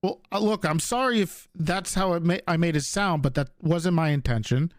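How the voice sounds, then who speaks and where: A man's voice: a little high, normal speed, no echo, clean studio sound. A man in an in-character roleplay argument, hesitant and stammering as he defends himself. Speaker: police department leader in roleplay.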